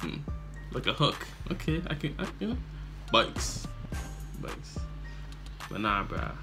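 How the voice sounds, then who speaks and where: A man's voice: mid-range voice, brisk, faint music behind. A man hosting a reaction video, chatting casually and handing out advice with lots of repetition and slang. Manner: relaxed, repeats himself, loose slang. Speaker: video reactor and channel host.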